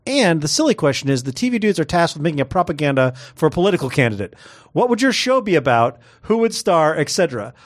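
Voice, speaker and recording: Animated man reading listener notes. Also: on the high side, fast talker. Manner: animated, joking, reads listener notes aloud. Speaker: podcast co-host reading listener messages. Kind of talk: casual chat.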